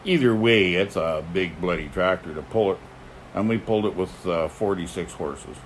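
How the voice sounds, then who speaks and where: An older man, hosting a casual chat and telling folksy stories about horses, often chuckling and clearing his throat. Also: low voice, normal speed, slight background noise. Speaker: host, horse teamster. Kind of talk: casual chat answering viewer questions.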